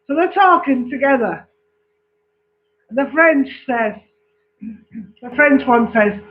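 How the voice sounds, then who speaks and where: A woman's voice: sits high, animated, takes it slowly, pauses often, muffled recording, slight background noise. An English woman telling jokes casually, chatty and checking in with her listener. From England. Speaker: joke teller.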